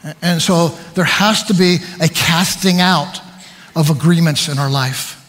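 A man preaching a sermon, telling stories about himself with animated, self-deprecating humor. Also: a little high, unhurried, in a large hall.

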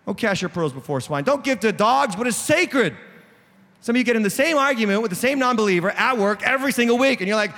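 A man's voice: high voice, lively intonation, fast, a bit bright. A man pastor with a New England accent preaching a sermon, direct and joking with the congregation. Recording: echoey hall.

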